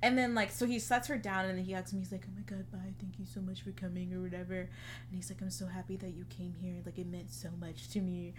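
Speaking quickly in a fairly low, fairly flat voice, this podcast co-host is a young woman spinning a long, chatty story. She uses "like" heavily and performs other people's lines, over slight background noise.

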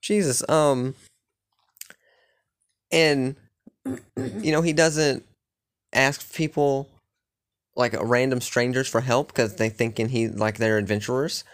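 A man talks through his latest session of a fantasy game in a loose, rambling way. He curses often and leans on filler words, at an ordinary middle pitch. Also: steady tone, takes it slowly, long pauses. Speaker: gamer recapping a playthrough. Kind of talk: casual chat.

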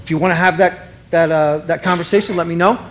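A middle-aged man preaching in an animated, conversational way, acting out both sides of the dialogue he retells. His voice sits high for a man. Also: quick pace, slight background noise. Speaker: pastor. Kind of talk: sermon.

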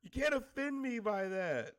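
A man's voice: extremely high pitch, very animated, moderate pace, fairly bright tone. A man delivering a blunt, exasperated, profane rant straight to his audience. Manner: blunt, exasperated, heavy swearing.

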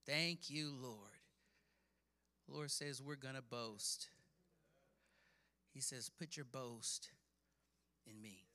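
A man preaching a sermon, reading scripture with dramatic emphasis and building from quiet passages to shouting. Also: medium pitch, slow pace, pauses often. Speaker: pastor.

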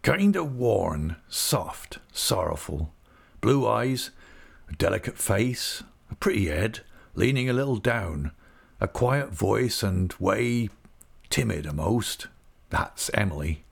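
A weathered old fisherman, as a male reader puts him on. His voice sits low and gravelly with a husky edge, rising and falling a lot as he talks slowly and earnestly. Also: big pitch swings, exaggerated voice. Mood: wistful. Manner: slow, earnest, homely storytelling. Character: weathered older male fisherman, gentle and sorrowful. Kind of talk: audiobook character reading.

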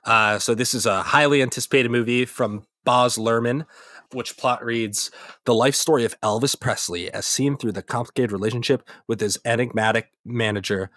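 A man's voice: medium pitch, fairly even intonation, moderate pace, a bit bright, dry recording, clean studio sound. A young man co-hosting a casual film podcast, rambling and correcting himself as he talks. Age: young adult. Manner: rambling, self-correcting, laughs easily. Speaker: podcast co-host. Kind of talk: casual film review chat.

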